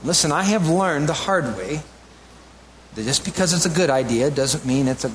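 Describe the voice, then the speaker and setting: A man preaching a sermon as a pastor, animated and rising to emphatic peaks, with conversational asides to the congregation. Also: fairly high pitch, moderate pace, slight background noise.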